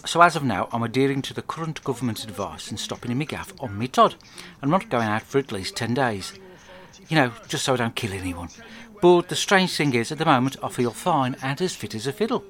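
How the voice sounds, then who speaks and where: A man with an English accent telling a crude comic diary monologue, rambling and deadpan. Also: mid-range voice. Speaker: podcast host.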